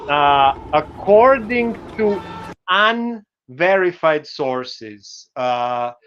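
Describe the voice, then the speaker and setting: A man with a Serbian accent giving an online university lecture, halting and full of "uh" fillers. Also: a little high, a bit bright, highs cut off.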